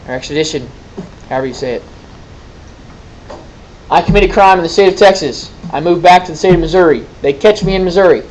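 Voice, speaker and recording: A man's voice: fairly high pitch, darkish tone, highs cut off, slight background noise. Male teacher quizzing a class. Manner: conversational, quizzing students, folksy asides. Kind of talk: classroom lecture with questions.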